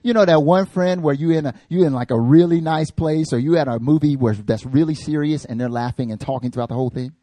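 A man's voice: a little high, fast talker, few pauses, no room sound. A male pastor telling funny stories in a sermon, joking with his congregation. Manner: animated, jokey, talks to the congregation. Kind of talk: comedic sermon storytelling.

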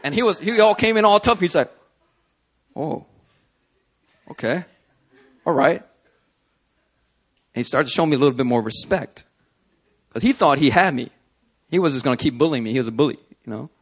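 Man, Christian teaching video, animated storytelling, higher voice, very lively pitch. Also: fairly quick, long pauses, breathy edge. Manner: animated storytelling, conversational with fillers. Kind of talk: sermon-style video talk with personal stories.

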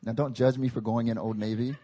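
Animated male preacher, slightly husky. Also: medium pitch, a little fast. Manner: animated and conversational, with humorous tangents. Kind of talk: sermon. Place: meeting hall.

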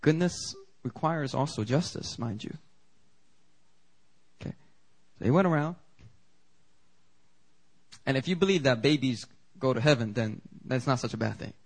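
A man preaching a sermon as pastor in a church, animated and conversational, with quick asides to the congregation. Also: medium pitch, creaky, low-quality recording. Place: church sanctuary.

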